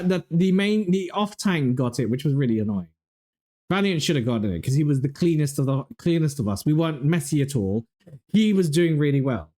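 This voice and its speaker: A man's voice: on the high side, mellow. A man hosting a casual livestream, telling exasperated, profane stories while reviewing game footage. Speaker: livestream host.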